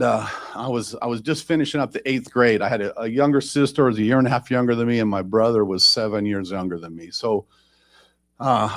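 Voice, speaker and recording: Man telling his recovery story. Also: medium pitch. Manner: rambling, conversational storytelling with self-deprecating humor. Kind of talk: personal testimony at a recovery meeting.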